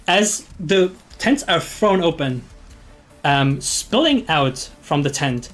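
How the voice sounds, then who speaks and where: A man runs a tabletop game in a slightly high voice. He narrates very slowly and hesitantly, restarting his sentences. Faint music plays underneath. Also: very animated, a bit bright. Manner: hesitant, full of ums and restarts. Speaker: game master.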